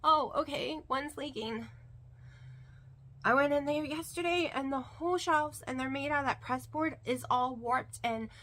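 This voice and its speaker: A woman vlogger chats to her camera in a high, bright voice. She rambles with fillers and repeats words for emphasis. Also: normal speed. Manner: rambling and chatty, with many fillers. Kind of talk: casual chat to camera.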